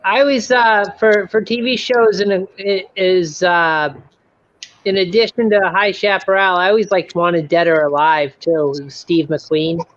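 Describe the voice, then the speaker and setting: A man chiming in now and then with short, hesitant remarks in a casual chat. His voice sits high, and the recording is very dry, with dull lo-fi sound. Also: steady tone, a little slow, fairly bright tone, no room sound.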